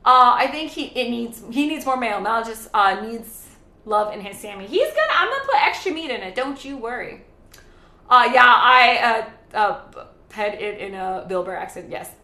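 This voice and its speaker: A woman's voice: on the high side, expressive, normal speed, sharp tone, echoey room. A woman hosting a casual charity live stream from her home kitchen. She chats while cooking, rambles, and greets viewers and reads their chat aloud.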